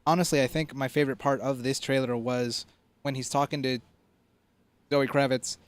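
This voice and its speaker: A man's voice: mid-range voice, little pitch movement, normal speed, smooth. A man co-hosting a casual movie podcast, talking earnestly about what he likes. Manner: earnest, enthusiastic. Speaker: podcast co-host. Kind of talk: casual chat.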